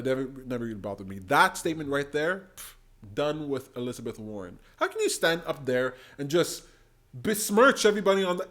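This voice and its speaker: A man hosting a political commentary channel, reacting to debate clips with animated, indignant outbursts. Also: on the high side. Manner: animated, bursts into indignant exclamations.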